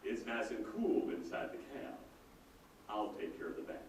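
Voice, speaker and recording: A man voicing a friendly male cab driver from Texas, speaking in a deep, low, courteous drawl. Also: huge pitch swings, heavy reverb, recorded from a distance, slight background noise, low-quality recording. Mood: hospitable. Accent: Texan. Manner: warm, hospitable, unhurried.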